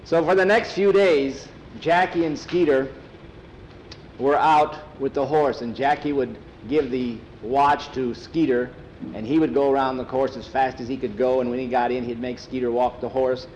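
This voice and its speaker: A man telling a story aloud in a plain, unhurried, homespun way. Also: mid-range voice, fairly even intonation, darkish tone, a little hiss or hum, low-quality recording. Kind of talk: oral storytelling.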